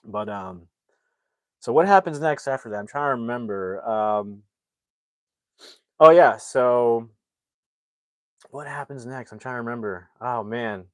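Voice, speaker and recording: A man's voice: mid-range voice, a little slow, long pauses, no room sound. A man casually retelling a film's plot as a reviewer, rambling with many fillers and restarts. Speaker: film reviewer.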